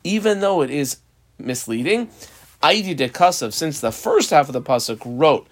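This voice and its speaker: A man's voice: on the high side, big pitch swings, normal speed. A man teaching a Talmud page, reading the Aramaic phrase by phrase and explaining each in English, with frequent ums. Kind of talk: Talmud lesson reading and translating text.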